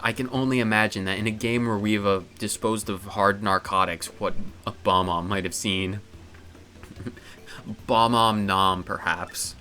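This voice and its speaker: A man's voice: on the low side, normal speed, pushed and bright, faint music behind. A man commentating on a game live, reacting with jokes and mock outrage. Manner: joking, incredulous reactions to the script. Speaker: gaming streamer.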